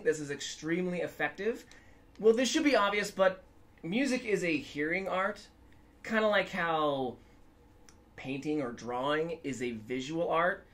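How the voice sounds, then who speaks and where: Speaking in a high-pitched, fairly bright voice, this man teaches guitar in a casual, upbeat way. He chats freely and occasionally sings notes to show how the technique works.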